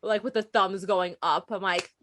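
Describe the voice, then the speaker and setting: A young woman co-hosts a podcast, swapping stories in a casual chat, animatedly acting out quotes and laughing often. Her voice is mid-range and her speed normal.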